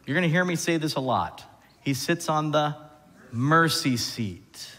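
A man preaching a sermon as pastor, animated, often putting questions to the congregation. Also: on the high side, brisk. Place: church sanctuary. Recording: church hall reverb.

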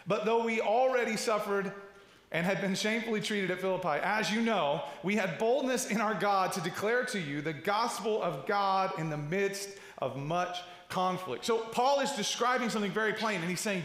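A middle-aged man preaches a sermon in a high, bright, forceful voice. He talks in a loose, conversational way, full of asides, restarts and rhetorical questions. The recording is roomy, with the long echo of a large church hall. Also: moderate pace. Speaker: pastor.

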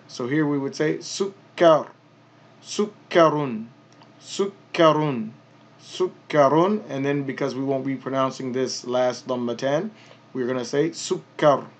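A man teaching a pronunciation lesson, patiently explaining each sound step by step and repeating words slowly. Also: medium pitch. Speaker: Arabic teacher.

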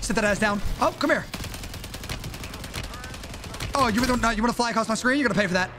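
A man's voice: high-pitched, rapid-fire, noisy background. A young man streaming a shooter game, trash-talking opponents with joking, swearing banter. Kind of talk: live gameplay commentary.

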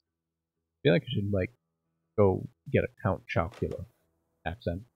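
Gravelly, husky gaming commentator. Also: male voice, low-pitched, animated, a little slow, pauses often, dry recording, dull audio. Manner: casual, self-deprecating, thinking aloud. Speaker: gaming channel host. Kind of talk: let's play commentary.

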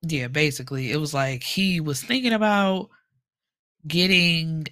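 A young woman chatting casually about a book she read, telling the story in a sassy, animated way with lots of asides. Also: low voice, measured pace. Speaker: book reviewer. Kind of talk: casual book review chat.

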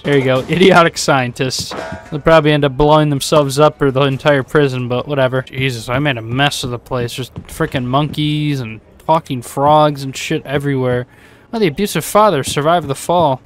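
A man's voice: on the high side, fairly quick. Sarcastic, sweary gamer guy. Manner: sarcastic, sweary, prone to loud outbursts. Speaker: let's play gamer. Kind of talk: casual gameplay commentary.

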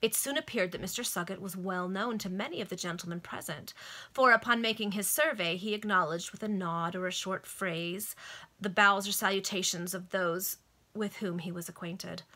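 A woman narrates a novel for friends over a video call. Her reading is expressive and lightly amused, and her voice is bright and forward. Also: mid-range voice, moderate pace. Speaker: reader.

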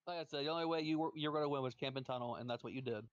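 Between matches on a stream's voice chat, a man of medium pitch trash-talks another player very fast, scornful and taunting as he repeats his insults. The recording is dry and dull.

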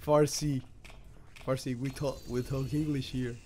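With a mid-range, level voice and a slightly slow delivery, a man provides casual commentary while streaming a game live, swearing and reacting loudly as he plays. A little hiss or hum sits in the recording.

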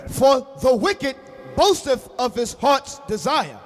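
A man reading Bible verses aloud in a measured way, in a reverberant hall. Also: very high voice, big pitch swings. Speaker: scripture reader.

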